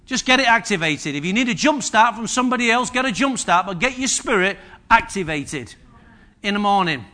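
A man's voice: sits high, expressive, brisk, bright, forceful tone. A male pastor preaching a sermon in a humorous, conversational way, full of repetition and asides to the congregation. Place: church service.

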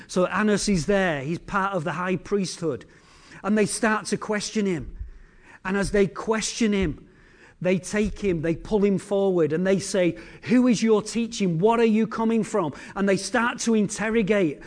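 A male preacher delivering a sermon as dramatic storytelling, swinging between loud declarations and hushed lines. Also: high voice, measured pace.

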